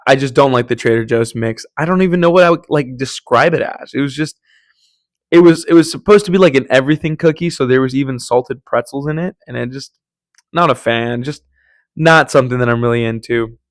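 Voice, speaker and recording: A man's voice: medium pitch, fairly quick, no echo. Rambling young man, dry close sound. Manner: rambling, jokey, many fillers and restarts. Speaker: podcast host. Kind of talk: casual solo podcast chat.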